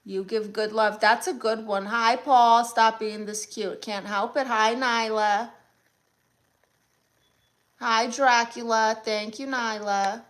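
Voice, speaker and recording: Brooklyn woman, bright and sassy, live-stream host reading chat. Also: on the high side, fairly even intonation. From Brooklyn, New York. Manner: sassy, blunt, quick comebacks. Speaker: comedian hosting a live stream.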